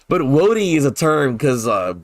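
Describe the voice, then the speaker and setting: A man's voice: on the high side, big pitch swings, normal speed, no room sound. Chatty New Orleans man, dry close sound. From New Orleans, Louisiana. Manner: chatty, laughs often, swears casually. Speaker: game streamer. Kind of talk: casual chat over gameplay.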